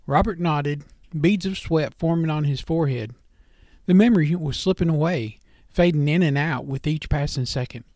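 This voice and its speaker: A man's voice: a little high, darkish tone, dry recording, clean studio sound. A man narrating a story aloud in a plain, unpolished reading style with small stumbles.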